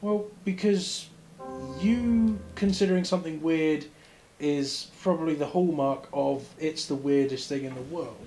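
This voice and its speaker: A man chatting while playing a strategy game, dry and pedantic, quietly correcting his co-host. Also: a little high, unhurried, faint music behind. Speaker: co-host of a gaming chat show.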